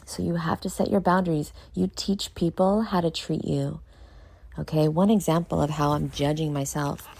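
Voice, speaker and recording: Tired woman host from New York, low gravelly voice, rambling and self-critical, casual vlog. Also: fairly even intonation, normal speed, darkish tone. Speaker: show host. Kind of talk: casual late-night vlog talk.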